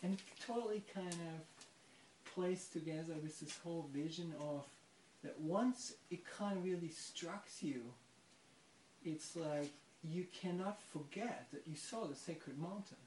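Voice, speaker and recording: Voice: mid-range voice, unhurried, a little mellow, far from the mic. A person retelling a story in conversation, reflective and searching for words. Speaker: participant in a spiritual discussion. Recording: echoey room, voice off mic, faint noise.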